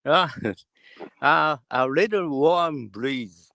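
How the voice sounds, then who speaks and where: A male guest from Japan joins the call to send greetings. He speaks slowly and carefully, stopping often. His pitch sits a little high. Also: gravelly, sharp tone, no room sound. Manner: halting, careful, hesitant. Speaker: guest caller. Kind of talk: brief on-air greeting.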